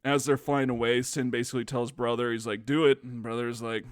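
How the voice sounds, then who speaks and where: A man's voice: medium pitch, level tone, brisk, clean tone, dry recording, clean studio sound. A man co-hosting a casual video game podcast, chatting loosely and acting out characters' lines in exaggerated voices. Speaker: podcast co-host.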